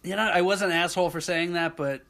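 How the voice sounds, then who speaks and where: A man's voice: high voice, quick pace, creaky. A young man telling a long story in casual chat, often acting out the people in it. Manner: animated, slips into impressions of friends.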